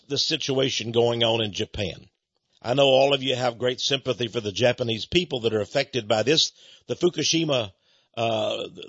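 Husky-voiced man preaching earnestly. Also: medium pitch, fairly bright tone, no room sound, lo-fi sound. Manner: earnest, rambling, with frequent word repeats and restarts. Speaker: evangelist minister and author. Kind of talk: preaching monologue to viewers.

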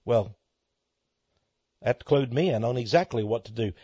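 A man with a Texan accent preaching a fervent sermon, swelling loud on key words and repeating himself. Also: mid-range voice, a little slow, breathy edge, dry recording. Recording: dry, muffled lo-fi recording.

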